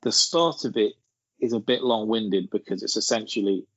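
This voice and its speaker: A man's voice: on the low side, normal speed, husky, no room sound. A man, rambling through an anecdote in casual podcast chat. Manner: rambling storyteller, laughing as he tells it. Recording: dull lo-fi sound.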